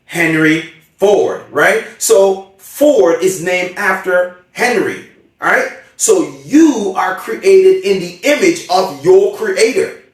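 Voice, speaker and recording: A man's voice: high voice, lively intonation, takes it slowly. Emphatic man speaking in an echoey room. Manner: emphatic, checks in with the audience often. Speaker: motivational speaker. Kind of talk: seminar talk. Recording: very echoey room, far from mic.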